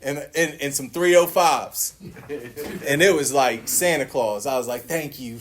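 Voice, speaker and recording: A man's voice: mid-range voice, unhurried, crowd noise. A man speaking at a recovery meeting, sharing his personal testimony in a blunt, profane, storytelling way and acting out other people's lines.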